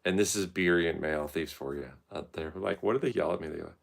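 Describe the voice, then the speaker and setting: A man's voice: low-pitched, brisk, vocal fry. A man telling rambling, profane, stream-of-consciousness stories in a casual monologue.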